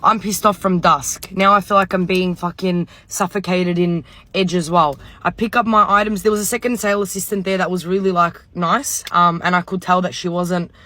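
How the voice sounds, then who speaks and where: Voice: medium pitch, bright, forceful tone. A speaker, telling a casual storytime rant about shopping, swearing and exasperated. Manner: exasperated, swearing, mimics others.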